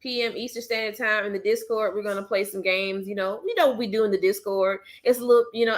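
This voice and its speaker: A woman hosting a casual livestream, gently coaxing and soothing a child, then chatting easily with her viewers. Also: mid-range voice. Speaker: livestream host and mother.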